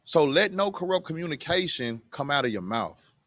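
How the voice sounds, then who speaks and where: A man's voice: a little high, very animated, normal speed, a bit bright, no echo. Man teaching a Bible class. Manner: asks the class rhetorical questions; plain everyday talk with street phrasing. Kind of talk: conversational scripture teaching.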